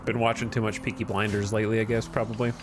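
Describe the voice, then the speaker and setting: A man's voice: on the low side, flat delivery, fast talker, music in the background. A man streaming a game, giving casual commentary in a wry, rambling, self-deprecating way.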